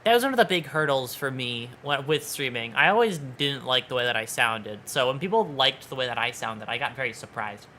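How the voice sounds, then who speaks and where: Soft-spoken playful woman streamer. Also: rumbling low, expressive, slight background noise. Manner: soft-spoken, quiet, never raises voice; playful, halting restarts. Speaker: VTuber streamer. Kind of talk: casual livestream chat. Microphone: desk microphone.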